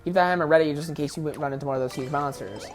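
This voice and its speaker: A woman's voice: sits low, racing, faint music behind. A woman giving casual, rambling let's play commentary, frank and often correcting herself.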